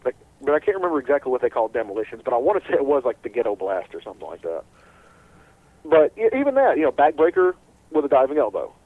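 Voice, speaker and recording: Lively, rambling male radio host. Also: mid-range voice, fast talker, no echo, low-quality recording. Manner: animated and rambling, with many restarts. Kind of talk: casual sports radio chat.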